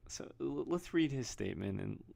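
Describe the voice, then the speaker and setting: A man's voice: mid-range voice, expressive, normal speed, gravelly, darkish tone. A man giving casual, rambling video commentary, often restarting and reading headlines aloud. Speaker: vlogger.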